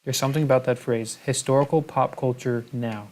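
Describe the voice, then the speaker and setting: A man keeps a livestream going, reading out viewer comments and teasing his co-host in easygoing chat. His pitch sits in an ordinary middle range, and the delivery is relaxed and playful. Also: a little fast. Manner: reads viewer comments aloud, playful banter. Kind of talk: casual chat.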